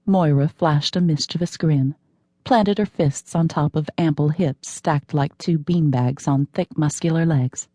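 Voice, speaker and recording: Low-voiced woman narrating a novel. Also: moderate pace, dark tone, no echo, studio quality. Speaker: audiobook narrator. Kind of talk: scripted narration.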